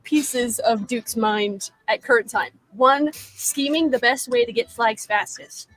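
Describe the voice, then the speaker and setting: A woman's voice: on the high side, a little slow, a bit bright, rough recording. A woman playing a tabletop game, describing her character's plans hesitantly with many restarts. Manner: hesitant, full of ums and restarts. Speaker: player. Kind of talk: casual tabletop play.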